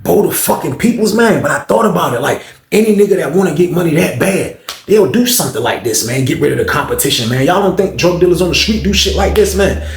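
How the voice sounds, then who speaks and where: A man's voice: a little high, expressive, fast, reverberant. A man telling a long personal story to the camera, slangy, profane and conversational. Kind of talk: storytelling monologue.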